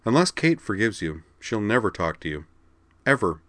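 A man's voice: lowish voice, big pitch swings, normal speed, no room sound. A man voicing a casual, easygoing teenage girl duelist who talks bluntly and teases a little, in a read-aloud story. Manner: casual, offhand, quietly teasing. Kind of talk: audiobook character reading.

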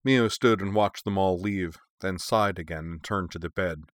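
A man narrates a storybook in a low, deep voice. His reading is even and measured. The recording is dry and close. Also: no room sound. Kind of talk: audiobook narration.

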